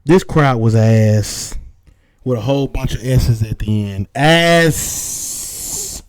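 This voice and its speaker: A man's voice: fairly low pitch, fairly even intonation, measured pace, dark tone, no room sound. A man with a Southern American accent giving a loose, slangy recap of rap battles, with emphatic verdicts. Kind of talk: casual recap commentary.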